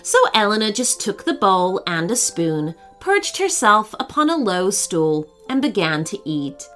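A woman narrating a children's story in a gentle, expressive reading voice. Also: medium pitch, a little slow, soft background music.

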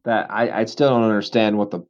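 A man's voice: fairly low pitch, fairly even intonation, fairly quick, lo-fi sound. A man co-hosting a casual podcast, griping with profanity and frequent laughter. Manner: profane, exasperated, laughing often. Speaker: podcast co-host.

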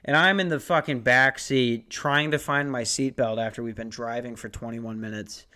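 A young man hosts his podcast alone, rambling loosely through a story with plenty of swearing and jokes at his own expense. His voice is smooth and resonant, sitting in a middle pitch. He sounds worn out from too little sleep. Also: fairly even intonation, moderate pace, bright, forceful tone. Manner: profane, self-deprecating, rambling. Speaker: podcast host. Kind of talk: casual rambling monologue.

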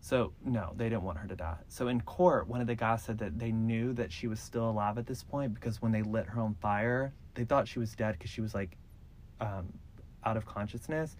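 A man's voice: fairly low pitch, normal speed, a little hiss or hum. A man hosting a podcast who retells a true-crime case in a loose, casual way, full of "like" and "so". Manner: loose, filler-heavy retelling with "like" and "so". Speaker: podcast host.

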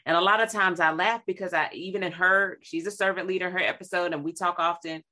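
Woman talking faith, bright voice, acts out little voices and quotes, real animated. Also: lowish voice, fast. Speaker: co-host sharing devotional reflections. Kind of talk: faith talk, conversational preaching.

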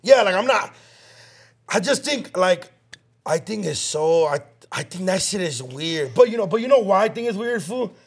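A man co-hosts a casual chat podcast. He rambles through stories in slang, cursing freely. His voice sits a little higher than most men's. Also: expressive, moderate pace, slightly rough. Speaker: podcast co-host.

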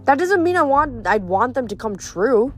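A woman's voice: high-pitched, sing-song, normal speed, faint music behind, voice pushed up. A woman reading aloud, voicing an alarmed, defensive teenage girl. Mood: protesting.

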